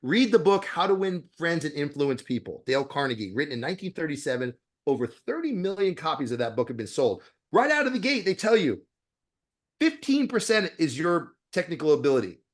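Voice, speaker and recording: A man who is a dentist, a guest on a podcast interview, talking bluntly with profanity and animated storytelling. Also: on the high side, brisk.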